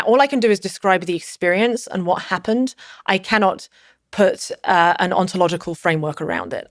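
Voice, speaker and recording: Low-voiced woman telling a rambling story. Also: dry recording, clean studio sound. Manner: rambling, frequent "like" fillers and restarts. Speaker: podcast guest. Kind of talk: casual storytelling in conversation.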